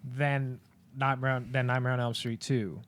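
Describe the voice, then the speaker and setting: A man co-hosting a podcast who thinks aloud in a measured, deliberating way while weighing his picks in a casual movie debate. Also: medium pitch, level tone, fairly bright tone. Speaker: podcast co-host.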